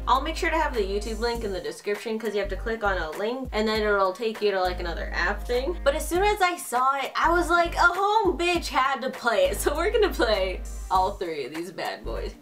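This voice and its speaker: Excitable young woman doing let's play. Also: fairly high pitch, normal speed, hardly any pauses, soft background music. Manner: excitable, swearing, laughing a lot. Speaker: gaming YouTuber.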